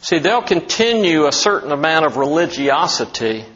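A man's voice: fairly high pitch, very animated, moderate pace, fairly bright tone, highs cut off. A man preaching an expository sermon as a pastor, talking emphatically and asking many rhetorical questions.

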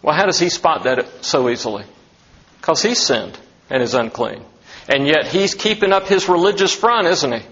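A man's voice: a little high, animated, normal speed, a bit bright, muffled recording. A man preaching an expository sermon as a pastor, talking emphatically and asking many rhetorical questions.

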